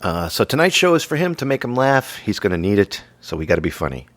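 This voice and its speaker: A man hosting a comedy podcast, with a low voice that swings up and down as he jokes and teases. The sound is dry and close to the mic. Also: big pitch swings, fast, no room sound. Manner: joking, playful teasing. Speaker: podcast host. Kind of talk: casual comedy banter.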